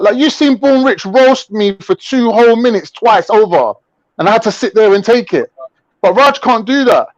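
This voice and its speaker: A man fires off boastful, combative slang in casual online banter. His voice sits high. The sound is dry and a little dull. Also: no room sound. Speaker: show regular.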